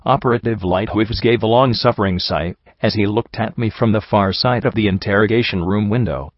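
Low-voiced man narrating a story, dull sound. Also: brisk, no echo. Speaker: audiobook reader. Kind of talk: first-person story narration. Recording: dull lo-fi recording.

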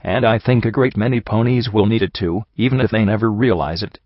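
A firm, no-nonsense pony mare doctor, read by a male narrator in his own low voice. She speaks matter-of-factly. The recording is dry and a little muffled. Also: fairly quick, dry recording, close to an everyday voice.

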